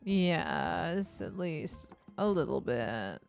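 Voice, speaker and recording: A woman voicing a shy, sad young fantasy woman who speaks softly and hesitantly. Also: sing-song, extremely slow, vocal fry, faint music behind, heavily acted. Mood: subdued. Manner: soft, low, hesitant. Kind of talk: voicing game dialogue.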